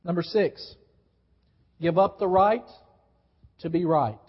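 Male pastor, high voice, emphatic sermon delivery that gets the congregation to respond, reverberant hall, muffled live recording. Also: takes it slowly, slightly rough. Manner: emphatic, repeats key phrases, coaches the congregation to respond. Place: church sanctuary. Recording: dull live church recording with long reverb.

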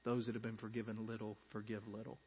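A man preaching a sermon as pastor, earnest, swinging from quiet reflection to loud emphasis. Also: fairly low pitch, completely flat delivery, fast talker, slight background noise. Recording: dull sound in a reverberant hall.

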